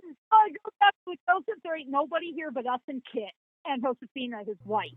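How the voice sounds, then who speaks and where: A woman, a psychic guest on a podcast, telling a story in an animated, folksy way, acting out quoted dialogue. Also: high voice, fast talker, dry recording. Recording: tinny, phone-like line.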